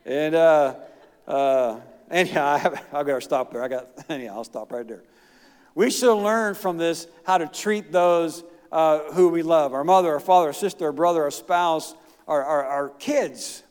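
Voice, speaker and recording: Middle-aged male pastor, folksy sermon, slightly high voice, long church reverb. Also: moderate pace, darkish tone. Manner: folksy, plain-spoken preaching with asides and chuckles.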